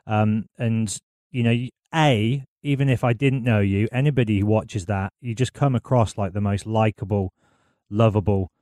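A man's voice: on the low side, darkish tone, no echo, studio quality. A man hosting a casual interview, admiring and rambling with many fillers. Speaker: host.

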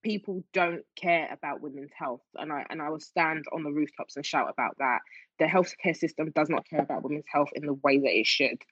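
A woman's voice: low-pitched, brisk, a bit bright, breathy edge, no echo. A woman telling a personal story as an interview guest, emotional, with many fillers and restarts. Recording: dull dry lo-fi sound.

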